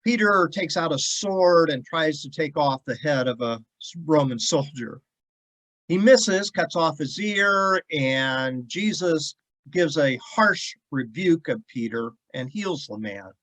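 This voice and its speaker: A man's voice: fairly high pitch, expressive, slow, a bit bright, poor audio. A man as a pastor giving an earnest devotional sermon and reading scripture, stressing points by repeating words. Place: church devotional video.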